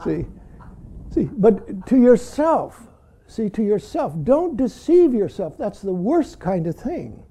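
A man's voice: high voice, very animated, slow, warm tone. A man giving a dharma talk as a Zen teacher, blunt and teasing, who laughs readily and keeps saying "see".

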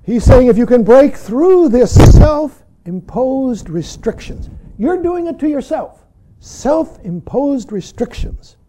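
A man teaching as a Zen teacher, his voice very mellow and dark with a lively, swinging pitch. He talks bluntly and teasingly, chuckling now and then and peppering his points with "see". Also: slow, slight background noise. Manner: repeats "see" often, blunt and teasing, laughs. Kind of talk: dharma talk.

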